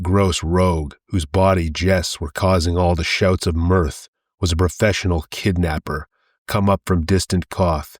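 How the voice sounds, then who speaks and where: Deep, dry male audiobook narrator, measured reading. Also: no room sound.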